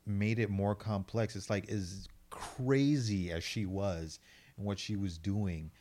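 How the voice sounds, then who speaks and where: A man's voice: fairly low pitch, takes it slowly, mellow. A man in casual chat who laughs often and eagerly backs up his co-host.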